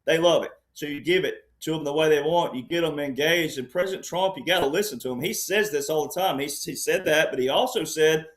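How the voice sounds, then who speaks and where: Insistent rambling man, slightly high voice. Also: fairly quick, few pauses. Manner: rambling, insistent, often says "all right". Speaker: panel guest. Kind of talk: conversational political commentary.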